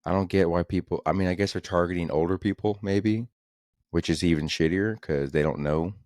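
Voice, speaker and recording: A young man with a very low, deep voice rants his way through a casual comedy podcast. He talks in loose, profane, exasperated bursts. The sound is close and dry, with no room around it. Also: fairly even intonation, a little fast, darkish tone, no echo. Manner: rambling, profane, exasperated ranting. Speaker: podcast host.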